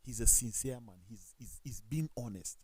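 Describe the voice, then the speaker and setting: Animated Nigerian man telling stories. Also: mid-range voice, moderate pace, breathy edge. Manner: animated storytelling with quoted dialogue and self-corrections. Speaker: talk show panelist. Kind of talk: casual studio discussion.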